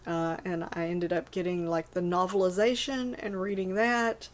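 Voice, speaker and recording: A woman's voice: on the low side, level tone, moderate pace. A woman in her forties casually rambling about favorite movies, full of fillers and self-corrections. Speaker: movie list vlogger.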